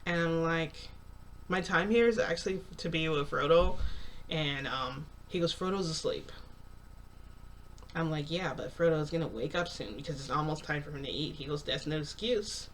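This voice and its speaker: A woman's voice: low-pitched, normal speed. Young woman, casual storytelling, chatty and rambling, faint background hiss. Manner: chatty, filler-heavy retelling with quoted dialogue. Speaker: vlogger.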